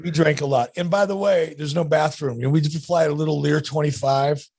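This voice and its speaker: A man's voice: fairly high pitch, steady tone, a little fast, creaky, darkish tone, breathy edge, no room sound. A man in his sixties, a podcast guest, telling laid-back stories with dry humor in casual chat.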